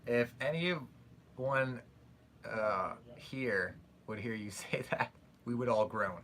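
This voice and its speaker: A man's voice: mid-range voice, slow, a little hiss or hum. A young man with a Canadian accent, hosting a casual livestream and chatting, joking and reading comments aloud. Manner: chatty, joking, animated when telling stories. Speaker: livestream host.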